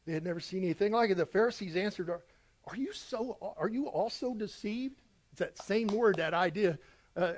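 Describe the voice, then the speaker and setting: A man's voice: high voice, brisk. A middle-aged man preaching verse by verse as a pastor, reading scripture dramatically with emphatic rises. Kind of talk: verse-by-verse sermon.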